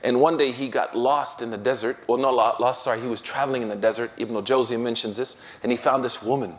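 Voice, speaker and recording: A middle-aged man giving a casual, laughter-filled talk as an imam, telling stories in relaxed, slangy speech. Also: medium pitch, fast talker. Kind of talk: casual sermon storytelling.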